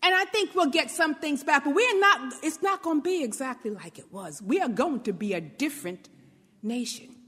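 Her voice sits high and animated at a normal pace, with a pushed, bright quality and the sound of a big room. This New York woman from Brooklyn delivers an informal motivational talk, chatting loosely, acting out small quotes and frequently asking "right?"

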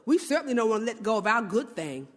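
A woman preacher gives an animated sermon in a high voice that rises and falls widely. She keeps throwing rhetorical questions at her listeners, and a long hall reverb trails her words. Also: fast talker.

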